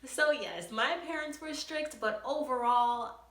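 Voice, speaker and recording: Animated young woman telling a story. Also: sits high, a little slow, roomy sound. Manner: animated, laughs often, acts out quotes. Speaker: vlogger. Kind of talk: casual storytime.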